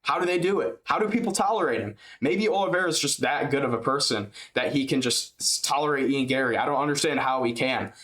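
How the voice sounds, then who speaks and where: A man's voice: medium pitch, brisk, hardly any pauses, a bit bright. Exasperated young man ranting casually. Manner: rambling, exasperated, heavy slang and swearing. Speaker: reaction video host. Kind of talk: casual reaction commentary.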